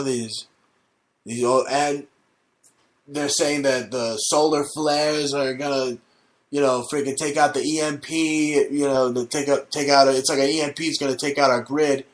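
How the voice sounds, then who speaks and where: A man's voice: medium pitch, fairly even intonation, normal speed. A male comedy show host delivering a profane, rambling, mock-conspiratorial satirical rant.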